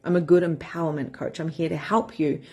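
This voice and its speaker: A woman's voice: low voice, flat delivery, fairly quick, warm tone, breathy edge, highs cut off. A woman in her thirties, a spiritual empowerment coach, talking frankly and with energy to her members, swearing casually. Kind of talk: casual live-stream talk to members.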